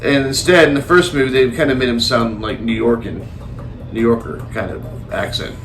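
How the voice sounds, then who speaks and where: A man co-hosting a casual movie review chat, talking in a rambling, animated way with some swearing. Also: medium pitch, normal speed, soft background music. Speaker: podcast co-host.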